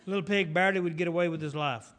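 Guy giving a folksy sermon, kinda high voice, tells it like a story. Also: rapid-fire. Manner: animated storytelling, folksy asides. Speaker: preacher.

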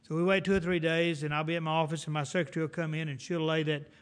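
A middle-aged man preaching a folksy sermon in an animated, storytelling way. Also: a little high, very fast.

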